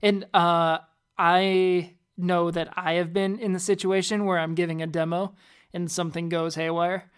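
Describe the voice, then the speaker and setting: Low-pitched woman with a smooth voice. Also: flat delivery, moderate pace. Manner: hesitant, repeats words when starting sentences. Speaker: podcast co-host. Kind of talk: casual tech chat.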